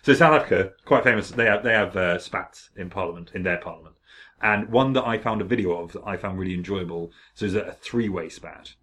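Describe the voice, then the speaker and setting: A man's voice: low voice, a little fast, fairly bright tone. A man co-hosting a podcast, telling stories in casual chat with lots of jokes and laughter. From Britain. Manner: jokey, laughs often, storytelling. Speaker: podcast co-host.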